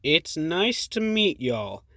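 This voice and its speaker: A wary young woman with a slow, suspicious drawl, as a male reader puts her on. Her voice sits higher than his usual read. The sound is dry and close. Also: lively intonation, a bit bright, dry recording.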